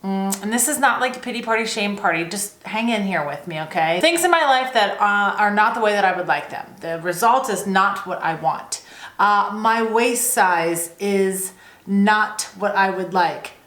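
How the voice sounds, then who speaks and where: A woman talking casually to camera about personal growth, unhurried and chatty, with plenty of fillers and questions to the viewer. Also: medium pitch, fairly bright tone. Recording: echoey room.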